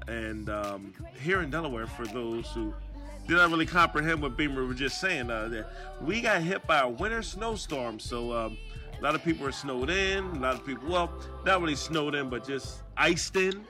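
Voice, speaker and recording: A man's voice: mid-range voice, lively intonation, moderate pace, music in the background. A man co-hosting a podcast from a bar, laid-back and chuckling, with many filler words. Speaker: podcast co-host. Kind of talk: casual bar chat.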